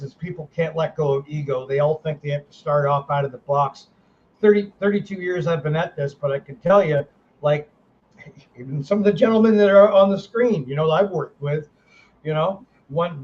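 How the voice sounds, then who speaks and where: Blunt rambling host, slightly higher voice. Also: male voice. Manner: rambling, blunt, self-correcting. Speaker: host, paranormal investigator. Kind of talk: casual panel chat. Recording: dull lo-fi audio with faint hiss.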